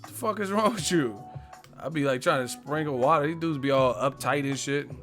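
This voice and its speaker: A man's voice: on the high side, brisk, fairly bright tone, soft background music. A man hosting a boxing live stream, ranting casually and profanely, joking and mocking stiff interviewers with put-on voices. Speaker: boxing channel host.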